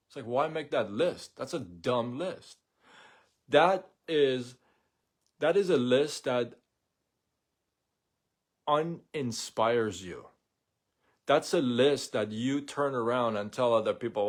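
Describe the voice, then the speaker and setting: A man's voice: medium pitch, takes it slowly, pauses often. A man hosting a live show, talking in a blunt, sarcastic, opinionated monologue. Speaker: host of a daily live show. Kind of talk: casual monologue rant.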